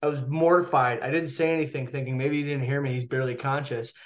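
Fast-talking male doctor telling a story. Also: mid-range voice. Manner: candid, animated storyteller. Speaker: physician. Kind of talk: casual anecdote in a Q&A.

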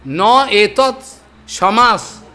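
A man's voice: high-pitched, animated, slow pace, bright, forceful tone. An older man giving a devotional discourse, chanting verses and explaining them with repeated emphatic phrases. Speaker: spiritual teacher.

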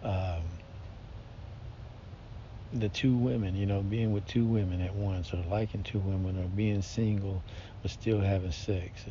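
A man's voice: steady tone, measured pace, pauses often, dark tone. A man talking casually in a rambling, slangy way, full of fillers and restarts. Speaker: podcast host. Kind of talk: casual monologue. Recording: dull lo-fi sound with faint rumble.

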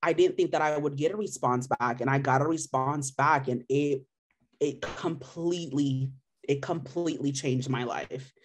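A woman's voice: a bass voice, normal speed. Candid young woman from Missouri. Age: 20s. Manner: emotional, candid, animated retellings with filler "like". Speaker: patient sharing her story. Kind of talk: personal testimonial.

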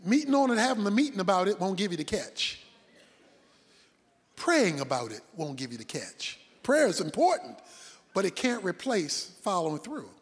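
A man preaching a sermon, dramatic, swinging between loud shouts and hushed asides. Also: high-pitched, very animated, normal speed, slightly rough, long reverb tail.

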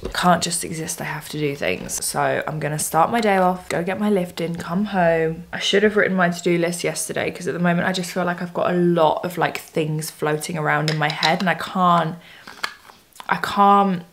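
A woman's voice: lowish voice, fairly even intonation, normal speed, fairly bright tone, slight background noise. Young woman, casual vlog chat, laughs a lot, handheld camera at home. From southern England. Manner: chatty, self-deprecating, laughs often. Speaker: vlogger. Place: at home, indoors.

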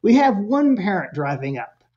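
Animated storytelling man, lo-fi sound. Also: sits high, normal speed, noisy background. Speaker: parenting expert guest. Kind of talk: casual interview conversation.

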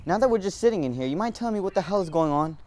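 A young man in an amateur short film playing a talkative young man who befriends a creature, quick to get exasperated and quick to apologize. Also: high-pitched, lively intonation, a little mellow, slight background noise.

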